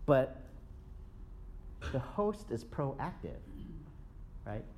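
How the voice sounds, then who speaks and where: A man's voice: mid-range voice, slight background noise. A man preaching in a casual, conversational way, acting out excuses and checking in with "right?" as he goes. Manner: lively, acts out excuses in quick asides. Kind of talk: conversational sermon.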